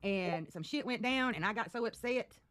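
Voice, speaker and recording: A woman's voice: mid-range voice, normal speed, fairly bright tone. A woman on a livestream, taunting and gloating while swearing freely. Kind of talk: casual livestream talk.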